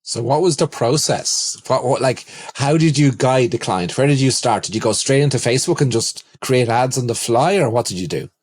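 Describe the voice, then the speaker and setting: Brief: male podcast host, mid-pitched voice, upbeat opener, asks the questions. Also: moderate pace, hardly any pauses, slightly rough. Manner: upbeat, lively host who opens the show and poses questions. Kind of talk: casual podcast hosting.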